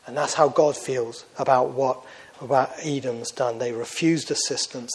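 A man preaching a sermon in an earnest, conversational way, getting louder and softer for emphasis. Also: medium pitch, breathy edge, rough recording.

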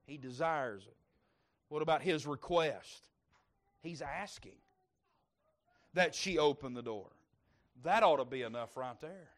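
A man preaching a sermon, moving between loud fervent stretches and soft hushed asides. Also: a little high. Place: church service.

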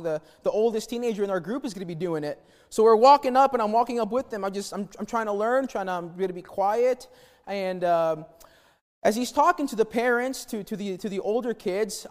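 A man from New Mexico preaching a sermon, telling a personal story in a folksy, animated way with many restarts. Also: sits high. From New Mexico, USA. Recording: church hall reverb.

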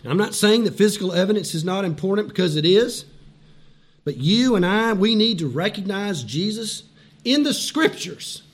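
A male pastor preaching a sermon in a high, bright-toned voice. He talks animatedly, laughs along with his own points, then drops to a hushed intensity, repeating phrases to drive them home. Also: expressive, normal speed.

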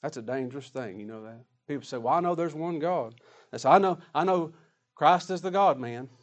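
A man preaching a sermon emphatically, swinging between loud declarations and hushed asides. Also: a little high, normal speed.

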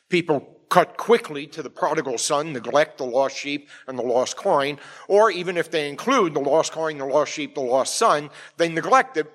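Middle-aged male pastor, slightly high voice, emphatic sermon delivery with frequent rhetorical check-ins. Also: fairly bright tone.

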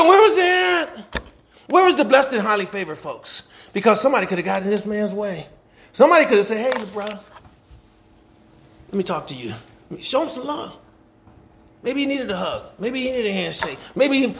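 A middle-aged man preaching a sermon in a folksy way, asking the congregation rhetorical questions and laughing between points. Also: extremely high pitch. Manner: animated preaching, rhetorical questions, call and response.

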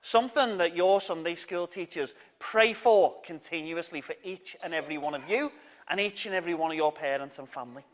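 A man telling a Bible story to children at church, lively and encouraging, getting the audience to shout along. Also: on the high side, fairly quick. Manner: lively, encouraging, draws the crowd in.

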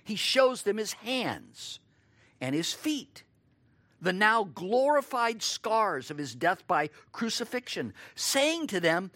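A man preaching a sermon, expressive, acting out quoted lines and asking his listeners rhetorical questions. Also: high voice, slow pace, dry recording.

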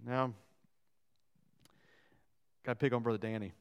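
A man preaching a sermon as pastor, lively and joking, acting out quotes and asides. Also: mid-range voice, measured pace, clear, resonant tone. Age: young adult or middle-aged, father of young boys.

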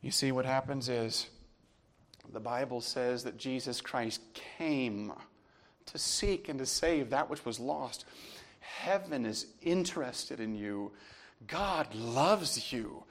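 Delivering a sermon, this male pastor tells a deeply emotional personal story, swinging between quiet, hushed passages and loud outbursts. His voice sits in the middle range, and he takes his time.

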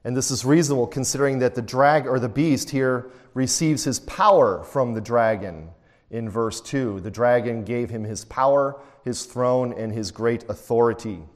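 A man teaching a Bible study at a middle pitch, in a relaxed, conversational manner. He keeps turning to his listeners with rhetorical questions. His voice rings with the long reverb of a large room. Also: normal speed.

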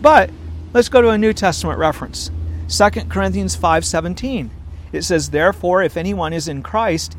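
A man preaching a sermon, earnest and emphatic, reading scripture at length. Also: sits high.

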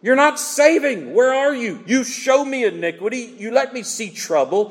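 A man's voice: extremely high pitch, animated, moderate pace, pitched above the performer's own voice. A man voicing an anguished male prophet in a raised, pleading outburst to God. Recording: long hall reverb.

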